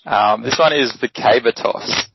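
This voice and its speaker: A man's voice: medium pitch, measured pace, creaky, background noise. A man co-hosting a casual sports podcast, explaining things at an easy pace with plenty of ums. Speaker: podcast co-host. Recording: dry, dull lo-fi podcast audio.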